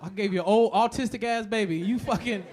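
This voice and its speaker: A man doing a stand-up comedy set, profane and animated, acting out the voices of other people. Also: sits high, fast, a little hiss or hum.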